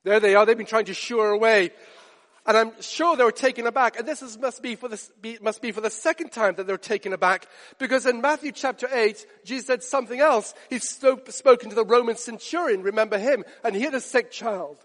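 High-voiced man preaching in a reverberant hall. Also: a little fast. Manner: animated, questioning the listeners directly. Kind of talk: sermon.

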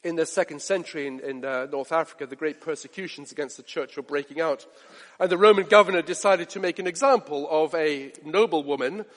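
Male preacher, impassioned sermon, high pitch, swings from loud to hushed, hall reverb. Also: a little fast. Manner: passionate, direct questions to listeners, swings from loud to hushed.

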